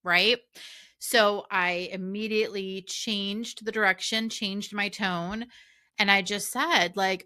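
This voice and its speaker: Brief: middle-aged woman coach, podcast host, chatty and warm, bright clear tone. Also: medium pitch, steady tone, takes it slowly. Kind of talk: casual solo podcast talk.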